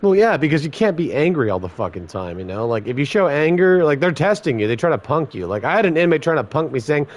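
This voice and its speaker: A former corrections officer telling blunt, heavily profane stories in casual podcast chat. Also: male voice, fairly high pitch, expressive, fast talker, hardly any pauses.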